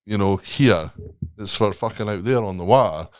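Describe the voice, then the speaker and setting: A man's voice: on the low side, moderate pace, dry recording, clean studio sound. A man, a guest on a podcast, rambling casually and swearing emphatically.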